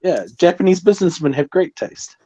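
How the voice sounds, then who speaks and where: A man on a casual stream, trading deadpan teasing jokes. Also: high voice, brisk.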